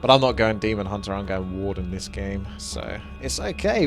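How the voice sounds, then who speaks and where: A man's voice: lowish voice, animated, normal speed, few pauses, soft background music. A man giving casual, chatty game commentary, thinking aloud as he plays. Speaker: gameplay commentator.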